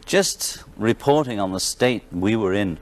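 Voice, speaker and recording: A man's voice: on the low side, animated, a little slow. A man from Liverpool with a Liverpool accent, a guest in a television studio chatting casually, wry and joking with frequent laughs. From England, Liverpool. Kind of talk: casual talk-show chat.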